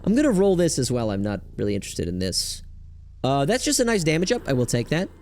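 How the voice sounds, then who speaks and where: A young man giving casual gameplay commentary as a streamer, rambling and excitable with lots of fillers. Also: mid-range voice, fast talker. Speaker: gaming streamer.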